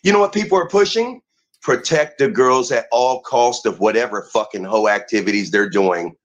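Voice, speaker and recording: A man's voice: medium pitch, moderate pace, highs cut off. Profane ranting man. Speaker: guest. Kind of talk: heated rant on a talk show.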